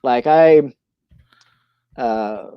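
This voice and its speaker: A man from Missouri rambles through a casual livestream chat, full of "you know" and restarted sentences. His voice is smooth and clear, recorded dry and close with no room sound. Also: mid-range voice, extremely slow, no room sound, lo-fi sound. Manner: rambling, many fillers and restarts. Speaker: livestream host.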